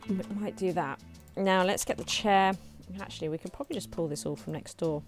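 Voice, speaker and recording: Lower-pitched woman chatting over gameplay. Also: a little fast, soft background music. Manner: chatty, thinks aloud while building. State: slightly hoarse, clearing throat. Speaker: let's play host. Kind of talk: casual gameplay commentary.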